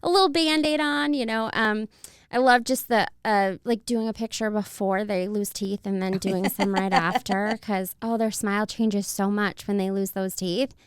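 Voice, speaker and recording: A woman's voice: medium pitch, steady tone, normal speed, clear, resonant tone, dry recording, studio quality. A young woman, a family photographer, chatting in an interview, fond and laughing often as she talks about children. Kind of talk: casual interview chat.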